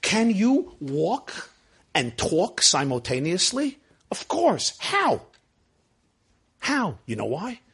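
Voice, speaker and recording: A man with a high voice gives a Torah class. He speaks emphatically and keeps putting rhetorical questions to his listeners. He swings from hushed, slowed-down lines to loud, driving ones. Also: huge pitch swings, gravelly, husky. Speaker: Torah teacher.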